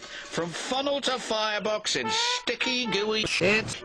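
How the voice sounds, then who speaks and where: A man narrating a children's storybook in a gentle, storytelling way. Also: high voice, animated, takes it slowly. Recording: music playing behind.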